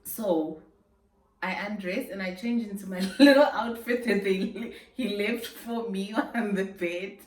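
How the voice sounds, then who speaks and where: A young Namibian woman tells a storytime vlog with animated, slangy energy and bursts of laughter. Her voice rings in a roomy indoor space and sits a little away from the mic. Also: medium pitch, unhurried, recorded from a distance. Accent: Namibian English. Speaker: YouTuber. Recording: roomy sound, a bit off-mic.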